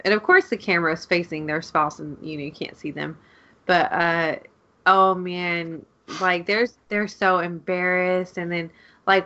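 A woman's voice: lowish voice, a bit bright, highs cut off. A young woman co-hosting a casual podcast, telling stories in a rambling, giggly way with lots of fillers. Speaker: podcast co-host. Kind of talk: casual chat.

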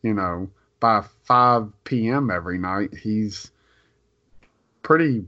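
Young man, casual podcast co-host, lowish voice, halting and hesitant, slightly dull recording. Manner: hesitant, halting, many restarts and fillers. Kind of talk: casual chat.

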